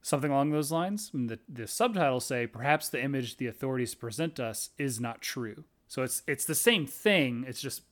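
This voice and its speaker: Podcast co-host, male, mid-pitch, dry sarcastic asides and thoughtful takes. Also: expressive, moderate pace, few pauses. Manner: wry, sarcastic asides and reflective comments. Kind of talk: casual chat discussing a TV episode.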